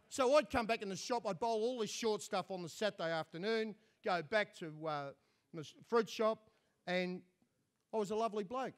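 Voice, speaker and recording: Australian man, high voice, dry self-mocking after-dinner yarns. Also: normal speed. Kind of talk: comic after-dinner storytelling.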